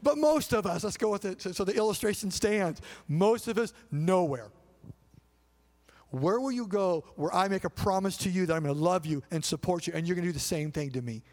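A male pastor giving a conversational sermon in a large church, often checking in with the congregation through quick rhetorical questions. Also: high voice, animated, a little mellow. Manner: conversational preaching with frequent rhetorical check-ins. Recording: long reverb of a large hall.

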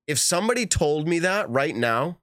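A man hosting a live podcast in casual chat, animated and laughing often as he reads texts aloud. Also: a little high, moderate pace, no echo, studio quality. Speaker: podcast host.

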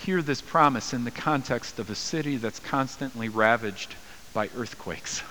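A man's voice: mid-range voice, moderate pace, sharp tone, slight background noise. A man preaching a sermon as pastor, earnest, his voice lifting when he speaks quoted words. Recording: long hall reverb.

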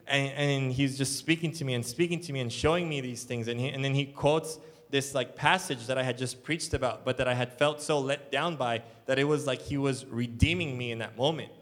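A man's voice: medium pitch, a little fast. A man, a church elder, preaching a sermon in an earnest, rambling storytelling way with many fillers. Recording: long hall reverb.

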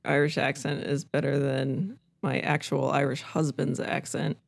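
A woman's voice: a bass voice, little pitch movement, unhurried, vocal fry, very noisy. A woman co-hosting a casual chat podcast, dropping dry wisecracks and short reactions. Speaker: podcast co-host.

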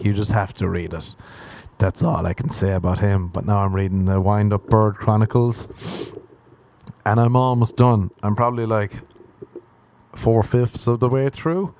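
A young man with an Irish accent and a lowish voice rambles through a comic monologue. He talks in a sardonic, profane way and keeps wandering off on tangents. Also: a little mellow. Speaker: podcast host. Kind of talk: comedic solo monologue.

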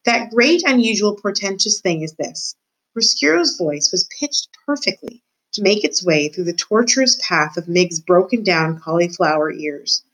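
A woman's voice: medium pitch, unhurried, rough recording. A woman, a teacher, narrating a storybook aloud for students and speaking directly to her listeners. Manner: expressive, addresses the listener directly.

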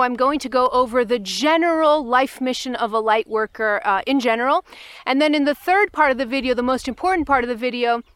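A woman's voice: sits high, a bit bright, clean tone, dry recording. A woman spiritual coach speaking to camera on a mountaintop, bubbly and enthusiastic, a little out of breath from the climb. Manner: bubbly, enthusiastic, addresses viewers directly. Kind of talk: outdoor vlog, then spiritual teaching to camera. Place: mountaintop outdoors.

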